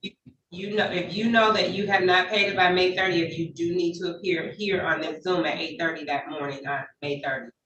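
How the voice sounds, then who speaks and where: A woman judge running court proceedings over a video call, speaking in a measured, polite, procedural way. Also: fairly low pitch, steady tone, muffled recording, crowd noise. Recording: echoey, distant, faint noise.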